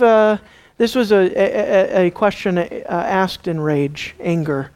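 A man's voice: high voice, measured pace, a little mellow. A man pastor preaching a sermon, dramatic, asking the congregation rhetorical questions and acting out the people in the story.

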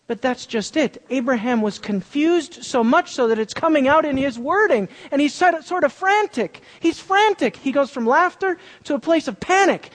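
Animated preacher in an echoing hall. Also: high-pitched, normal speed. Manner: animated, acts out quotes, repeats words for emphasis. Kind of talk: sermon. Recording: long reverb of a large hall.

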